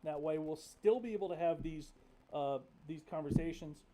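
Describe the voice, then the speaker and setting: A young man hosts a casual livestream, talking candidly and swearing freely as he rambles through stories full of fillers. His voice sits high yet sounds mellow and warm. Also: moderate pace. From North Carolina. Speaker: livestream host.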